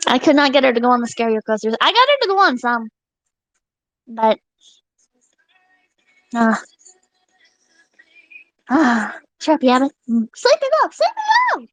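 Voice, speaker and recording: A young woman live streamer chatting casually with her viewers, excitable and giggly, swearing freely. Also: on the high side, slow, pauses often, dry recording, soft background music, rough recording.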